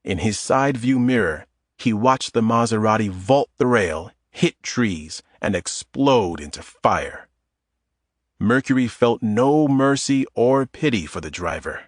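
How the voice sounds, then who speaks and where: A man narrating an audiobook thriller in a steady, measured way. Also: lowish voice, no echo, clean studio sound. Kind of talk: scripted narration.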